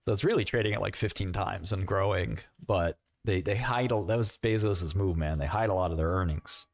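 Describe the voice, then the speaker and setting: A middle-aged man with a New York accent hosting a livestream, rambling with quick asides and mocking questions. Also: low-pitched, no room sound. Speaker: livestream host. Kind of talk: casual livestream chat.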